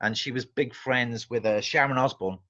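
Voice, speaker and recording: An English man, a guest musician, telling animated, rambling anecdotes in casual chat, often restarting his sentences. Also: medium pitch, moderate pace, highs cut off.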